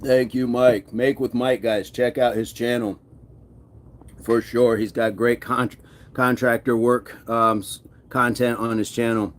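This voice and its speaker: A man of ordinary pitch hosts a live workout stream. He chats loosely, reads viewer comments aloud and laughs easily. He talks between sets of push-ups. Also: flat delivery, a little slow. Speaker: fitness livestream host. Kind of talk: casual live-stream chat.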